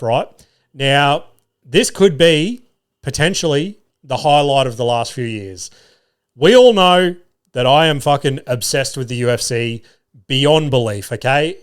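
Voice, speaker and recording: A young Australian man hosts his own podcast and tells a story in a loose, chatty way. He swears freely and acts out what the people in it say. His voice sits at a middling pitch for a man. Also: clear, resonant tone. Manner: animated, profane, acts out voices of others. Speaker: podcast host. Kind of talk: casual solo storytelling.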